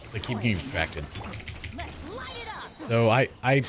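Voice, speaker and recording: A man's voice: mid-range voice, animated, measured pace. A man chatting casually while streaming a video game, rambling and self-deprecating. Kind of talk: casual gaming stream chat.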